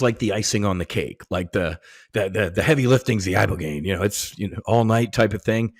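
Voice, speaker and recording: A middle-aged American man, a podcast guest, telling stories in casual, profane, animated talk full of slang and restarts. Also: lowish voice, dry recording, studio quality. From United States. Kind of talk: casual conversation.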